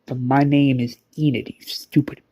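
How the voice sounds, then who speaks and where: A man's voice: medium pitch, flat delivery, moderate pace, mellow, dry recording, clean studio sound, lightly acted. A man voicing an angry, blunt young woman survivor who speaks with contempt in a fan zombie story. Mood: contemptuous. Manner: contemptuous, curt.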